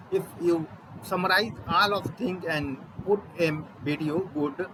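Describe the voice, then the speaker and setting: A young man with an Indian accent, a Hindi speaker, practicing spoken English into his laptop in a halting, word-searching way. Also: sits high, background noise. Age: young adult. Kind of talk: self-recorded practice monologue. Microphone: laptop microphone.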